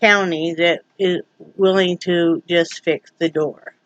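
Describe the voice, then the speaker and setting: A woman's voice: fairly low pitch, steady tone, takes it slowly, a bit bright, no echo, lo-fi sound. A woman vlogging from home in a casual, rambling way, joking and full of fillers. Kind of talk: casual vlog chat.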